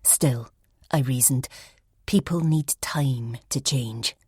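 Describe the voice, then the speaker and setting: Reading a first-person mystery audiobook slowly, a woman uses a low, husky voice that stays soft and reflective and often drifts to a near whisper. The mic is close, the sound dry, with no echo.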